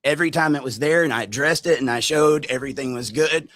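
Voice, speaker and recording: A man's voice: medium pitch, fast talker. Man telling a story to his viewers. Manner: animated storytelling addressing viewers directly. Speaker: vlogger. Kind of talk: storytime vlog.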